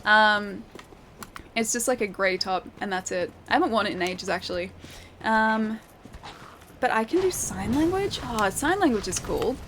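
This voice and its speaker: A woman's voice: mid-range voice, lively intonation, normal speed, fairly bright tone, a little hiss or hum. A young woman streaming a game, chatting loosely with her viewers and reading their messages, with lots of fillers and laughs. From Australia. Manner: chatty, rambling, laughs often, many fillers. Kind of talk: casual gameplay commentary with chat reading. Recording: game music behind voice. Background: game music.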